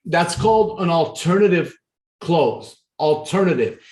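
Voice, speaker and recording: A man giving a sales training talk, acting out the dialogues of a sales pitch in an animated way. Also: unhurried, echoey room.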